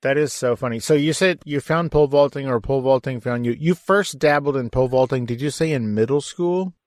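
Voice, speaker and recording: A man's voice: medium pitch, a little fast, no echo, studio quality. A man from Texas hosting a podcast interview, joking and swearing casually as he talks. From San Antonio, Texas. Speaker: podcast host. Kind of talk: casual interview with sponsor read.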